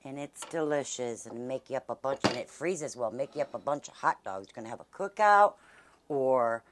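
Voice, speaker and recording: A woman's voice: a bass voice, lively intonation, moderate pace, background noise. A middle-aged woman, chatting homily as she hosts her cooking vlog and eats along. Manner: homey, chatty, talks while eating. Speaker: cooking channel host. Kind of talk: casual cooking vlog chat.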